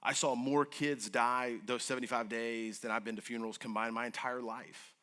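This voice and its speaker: A man earnestly telling an emotional personal story to an audience, his voice moving between hushed and urgent. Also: medium pitch, fairly even intonation, normal speed, clean tone. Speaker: guest speaker.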